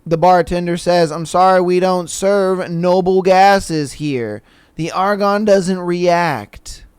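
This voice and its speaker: A man's voice: high voice, slow, smooth, no echo, faint music behind. A man hosting a podcast, reading listener jokes aloud and chatting casually, calling his co-host "bro" and laughing along. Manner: laid-back, says "bro" a lot, laughs at own reading.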